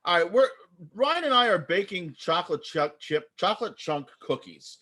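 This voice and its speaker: A man's voice: high voice, big pitch swings, normal speed, sharp tone. A man hosting an improv comedy show over a video call, chatty and rambling. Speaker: improv host. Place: home via video call.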